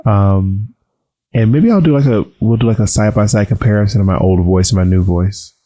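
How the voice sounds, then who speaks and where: A man's voice: lowish voice, fairly quick, warm tone. A man co-hosting a podcast, talking in a campy, sassy way, his voice subdued while recovering from surgery. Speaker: podcast co-host. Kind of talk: casual chat.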